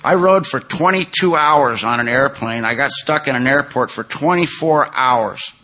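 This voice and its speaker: An older man sharing his life story at a recovery meeting, long-winded and candid, with self-mocking humor and a voice that gets loud when the story heats up. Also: medium pitch, moderate pace. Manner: grows loud and heated when telling intense moments. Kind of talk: personal testimony, storytelling.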